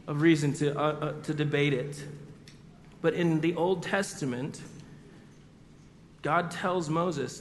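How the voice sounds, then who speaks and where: A man with a high voice preaches a lively, animated sermon and acts out the voices of the people in his story. His voice rings with a long reverb, as in a large hall, with a faint hum of room ambience behind him. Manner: animated storyteller acting out quotes. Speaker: pastor.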